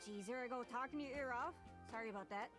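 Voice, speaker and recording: Doing game voice acting in a Newfoundland accent, a woman plays a chatty, eager young traveler who rambles, apologizes, and speaks in folksy dialect. Her natural-sounding voice is on the high side and a bit bright, she talks fast, and faint music plays behind her.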